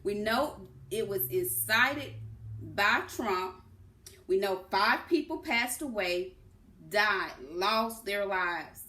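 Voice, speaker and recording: Slow, emphatic woman commentator. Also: medium pitch, animated, bright, forceful tone. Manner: impassioned, emphatic, stresses words. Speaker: political commentator. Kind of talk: political commentary monologue. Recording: echoey room.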